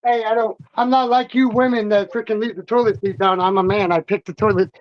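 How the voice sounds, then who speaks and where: A man's voice: sits high, fairly even intonation, brisk, no room sound, lo-fi sound. A man hosting a livestream in casual chat, swearing freely and getting worked up. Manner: loose, profane, worked up. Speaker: livestream host.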